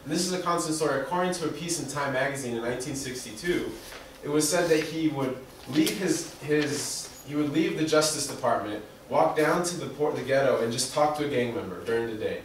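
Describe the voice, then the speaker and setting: A man's voice: medium pitch, a little fast. Earnest young man, echoey and distant. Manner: earnest, slight stumbles. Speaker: student presenter. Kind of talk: class presentation. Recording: echoey room from far off, faint noise.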